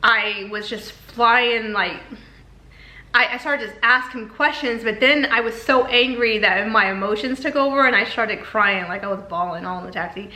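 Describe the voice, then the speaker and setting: A woman's voice: a little high, normal speed, sharp tone. A woman candidly telling a personal story in a vlog, emotional and repeating herself as she talks. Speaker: vlogger. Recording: echoey room.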